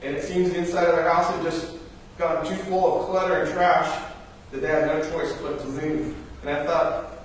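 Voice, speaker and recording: Animated preacher in an echoing church. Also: male voice, on the high side, moderate pace, slight background noise. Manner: animated storytelling, acts out voices. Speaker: pastor. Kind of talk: sermon. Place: church sanctuary. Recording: very echoey church, from far off.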